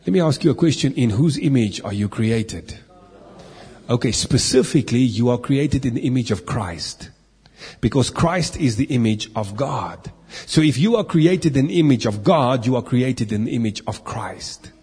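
A man's voice: medium pitch, animated, moderate pace, a little mellow, breathy edge. Man preaching in an echoey hall. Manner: questions to listeners, playful asides. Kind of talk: lively Bible teaching.

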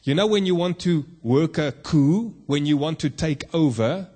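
A man's voice: on the high side, a little slow, a little mellow, husky. A man preaching a sermon, emphatic and full of rhetorical questions to the congregation, from South Africa.

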